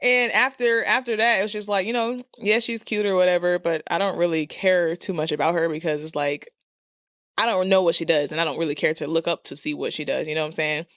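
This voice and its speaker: A woman chats casually as a podcast co-host, blunt and full of slang. Her voice sits a little low for a woman. The sound is dry and close. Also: fairly even intonation, brisk, fairly bright tone, dry recording. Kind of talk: casual chat.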